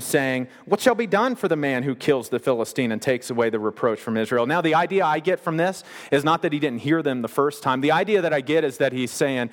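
A man preaching a sermon, retelling scripture in a conversational way with paraphrased asides. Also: fairly high pitch. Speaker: pastor. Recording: long reverb of a large hall.

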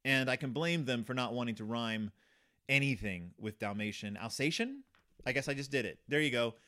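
This podcast host has a mid-range, expressive male voice with a sharp edge and a moderate pace. He rambles sarcastically through a children's book for comic effect, piling up fillers and restarts.

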